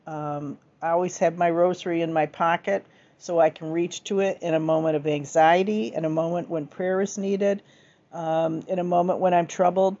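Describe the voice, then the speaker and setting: Mellow woman reading devotional text. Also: deep voice, muffled recording. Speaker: devotional reader.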